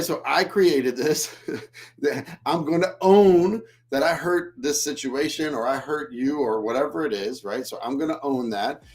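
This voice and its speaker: A man's voice: on the high side, low-quality recording. A man hosting a leadership podcast, talking bluntly and emphatically and swearing freely. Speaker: host.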